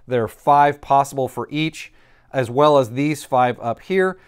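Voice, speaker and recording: Male teacher, middle-pitched voice, calm step-by-step explanation, thinks aloud while writing on a board. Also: measured pace, smooth. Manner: patient, reassuring, explains step by step. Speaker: Greek teacher. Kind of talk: recorded classroom lesson.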